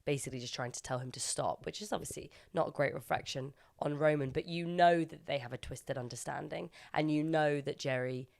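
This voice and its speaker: A woman with a low, deep speaking voice co-hosts a casual podcast chat. She talks loosely and laughs often. She breaks into playful put-on voices when she quotes characters. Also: a little fast, creaky, hardly any pauses, a little mellow. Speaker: podcast co-host. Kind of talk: casual chat recapping a TV episode.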